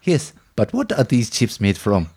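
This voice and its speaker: A man's voice: fairly low pitch, huge pitch swings, normal speed, shouting, very noisy. A man doing a baffled, overly polite questioner. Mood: puzzled polite. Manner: courteous, more and more apologetic. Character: polite, baffled man quizzing about chips.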